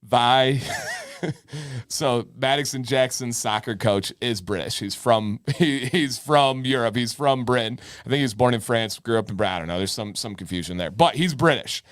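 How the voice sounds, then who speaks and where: A middle-aged man talks casually on a live advice show, joking and teasing his co-host over small points. His voice sits at an ordinary middle pitch. It is recorded dry and close, with no room sound. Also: moderate pace, fairly bright tone, no echo. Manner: joking, playfully argumentative. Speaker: podcast co-host. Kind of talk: casual live-stream chat.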